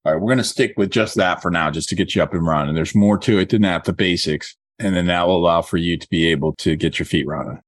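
A man coaching a real estate agent one-on-one, working through points methodically and repeating key phrases slowly. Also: deep voice.

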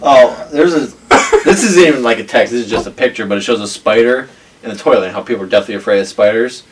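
A man's voice: medium pitch, quick pace. A young man telling funny stories in a casual chat, acting out the quoted voices. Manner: storytelling, acts out quoted voices. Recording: distant mic with faint noise.

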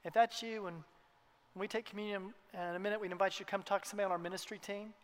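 A man preaching a sermon to his congregation in a church, earnest, sometimes dropping to a hushed tone for emphasis. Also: high voice, fairly even intonation, fast talker. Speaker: pastor. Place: church hall. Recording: long hall reverb.

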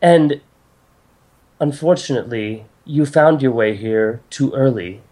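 A man's voice: mid-range voice, unhurried, dark tone, close to an everyday voice. A man voicing a towering silver-haired elven goddess, gracious and solemn, who talks earnestly and often stumbles over her words. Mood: grave. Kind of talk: game master voicing a character.

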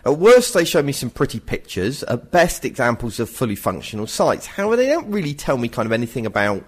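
A middle-aged man chats as a podcast co-host. His husky voice swoops up and down a lot, and he drifts between casual advice and playful, self-mocking rants. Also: medium pitch, big pitch swings, quick pace.

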